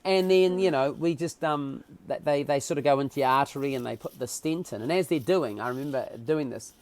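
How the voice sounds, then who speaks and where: A man's voice: medium pitch, fairly quick, darkish tone. A middle-aged man, telling a story as a podcast guest with comic, self-mocking asides and acted-out quotes. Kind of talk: animated personal storytelling.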